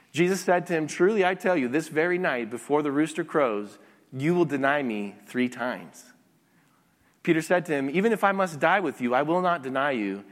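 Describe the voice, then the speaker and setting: Animated male preacher in a hall. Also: fairly high pitch. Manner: animated preaching with some restarts. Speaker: pastor. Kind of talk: sermon.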